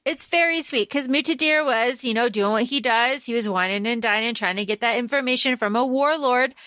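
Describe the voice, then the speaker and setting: A woman's voice: a little high, fairly quick, pushed and bright, dry recording. A woman co-hosting a podcast, chatting casually about a book and retelling scenes with quoted dialogue. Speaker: podcast co-host.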